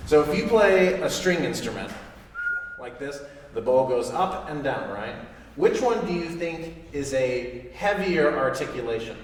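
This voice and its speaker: A man's voice: on the high side, animated, a little slow. Male teacher in an echoey hall. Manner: encouraging, asks the student questions; sings articulation syllables to demonstrate. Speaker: saxophone teacher. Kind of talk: live master class teaching. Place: recital hall with audience. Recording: distant, echoey hall recording, faint noise.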